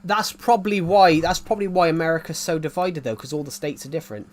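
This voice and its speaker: Rambling young English streamer, fairly high voice. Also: male voice, fast. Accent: English working-class, former mining area. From England. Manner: rambling, repeats and restarts sentences, answers chat. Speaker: livestreamer. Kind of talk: casual livestream chat while gaming.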